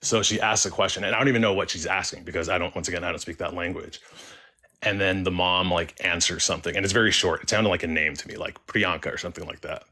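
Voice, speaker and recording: A young man with a very low voice and a bright, forceful tone tells his own story in a casual way. He halts often and restarts his sentences, filling the gaps with likes and ums. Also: steady tone, quick pace. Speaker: caller sharing a story. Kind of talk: casual first-person storytelling.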